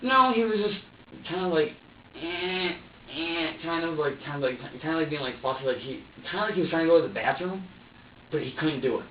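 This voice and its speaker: A young man in his twenties talks in a halting, profane ramble while being questioned. He is picked up from across an echoey interview room. The recording is dull and muffled, with a faint hum of ambience behind him. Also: on the high side, animated, recorded from a distance. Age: 20s. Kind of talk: police interrogation statement.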